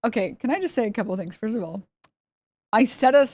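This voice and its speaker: A woman's voice: fairly high pitch, lively intonation, brisk, darkish tone, no room sound. A woman streamer talking casually and rambling, with lots of fillers and frequent laughs. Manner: chatty and rambling, filler-heavy, laughs often. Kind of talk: casual live-stream chat.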